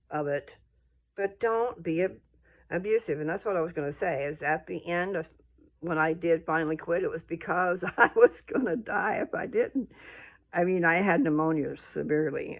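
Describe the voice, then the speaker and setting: Older woman, blunt, scolding, rambling talk, lowish voice that leaps high when riled. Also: creaky. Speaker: vlogger. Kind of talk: casual rant to camera.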